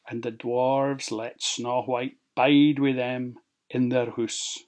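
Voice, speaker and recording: A storyteller with a Scots accent, reading a fairy tale aloud with lively expression. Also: mid-range voice. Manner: expressive, lilting, slow.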